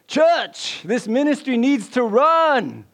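A man acting out a showy male preacher who yells to his congregation for money, then drops to a sly hush. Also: big pitch swings, very slow, noisy background, full character voice. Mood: roaring. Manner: booming shouts, sly low hush.

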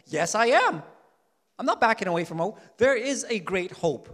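A male pastor preaching a sermon, swinging from loud declarations to soft, quiet urging. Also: high-pitched, lively intonation, a little fast. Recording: long hall reverb.

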